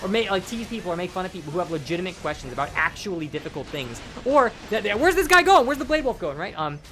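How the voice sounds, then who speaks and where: A man's voice: sits high, sing-song, fast, a bit bright, soft background music. A tipsy young man rambling and swearing as he commentates his own gameplay. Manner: rambling, heavy swearing, frequent restarts.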